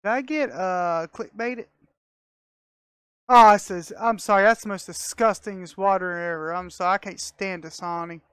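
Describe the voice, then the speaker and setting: Woman, gamer, chatty play-by-play, mid-pitched, dry close sound. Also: normal speed, clean tone, no echo. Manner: excitable, talks to herself, laughs often. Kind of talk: casual gameplay commentary.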